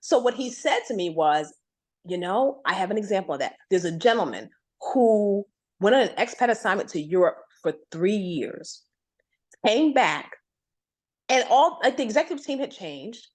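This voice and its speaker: A woman telling a career story as a podcast guest, her pitch swinging widely. She is animated and acts out the quoted voices of bosses and colleagues. Her voice sits in a middle register. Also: normal speed. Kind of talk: storytelling in a conversation.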